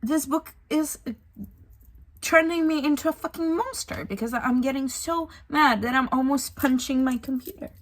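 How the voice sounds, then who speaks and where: A woman's voice: high-pitched, moderate pace. A young woman reviewing a book in a casual vlog, ranting in exasperation with sighs and swearing.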